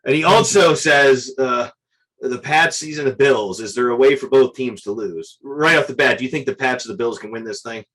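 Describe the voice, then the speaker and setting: A male co-host on a sports talk show asks relaxed, halting questions and passes along viewer comments. His voice is husky and sits at an ordinary middle pitch. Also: poor audio.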